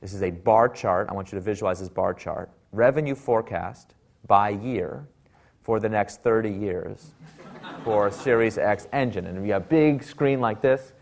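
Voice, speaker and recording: A man's voice: lowish voice, normal speed, creaky, darkish tone. A man speaking at a talk, telling a wry story and acting out the people he quotes. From Silicon Valley, US.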